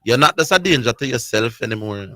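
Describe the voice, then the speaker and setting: Jamaican man, co-host in a sports debate: firm, argumentative, bright voice, dry studio sound. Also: mid-range voice, animated, fast, no echo. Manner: firm, argumentative, presses his point.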